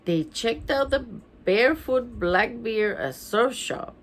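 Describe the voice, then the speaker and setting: A woman's voice: a little high, lively intonation, takes it slowly. A woman reading a children's storybook aloud, breaking off with laughing asides. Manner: laughing asides between passages. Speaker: storybook reader.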